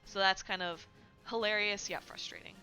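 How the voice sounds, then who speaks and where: A woman's voice: medium pitch, steady tone, moderate pace, sharp tone, soft background music. A woman hosting a casual game news livestream from home, chatty, with lots of "like" and "right?". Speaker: livestream host. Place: home streaming setup.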